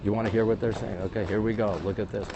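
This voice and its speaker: Fast-talking New York man on a live walking tour. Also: lowish voice, fairly even intonation, muffled recording. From United States. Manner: rapid-fire, greeting viewers constantly. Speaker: livestream host. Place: outdoors at a busy historic site. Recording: faint outdoor city noise.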